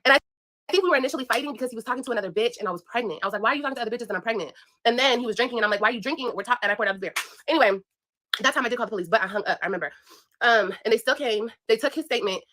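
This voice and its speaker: Talking straight to the camera, this young female vlogger shares something from her own life in a blunt, swear-heavy, emphatic way. Her pitch is slightly high, her tone bright and forceful, and she delivers it rapid-fire.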